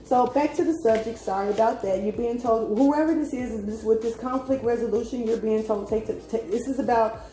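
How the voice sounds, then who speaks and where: A woman's voice: a little high, fairly quick, few pauses, mellow. Chatty, swearing woman reading tarot. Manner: chatty, blunt, swears freely, laughs often; meandering, trails off with fillers. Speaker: tarot reader. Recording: echoey room with faint music.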